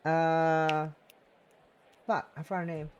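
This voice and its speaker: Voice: mid-range voice, flat delivery, slow pace, highs cut off, slight background noise. A streamer reading a story game aloud on a live stream, swearing and laughing at their own slips. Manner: swearing, self-mocking, laughing asides.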